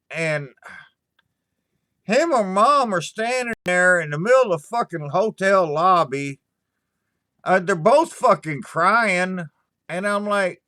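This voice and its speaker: Slow, bright-voiced man rambling at stream chat. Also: sits high, expressive, dry recording, studio quality. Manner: halting, stammering restarts, frequent swearing; slow, sighing storytelling. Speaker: livestream host answering chat.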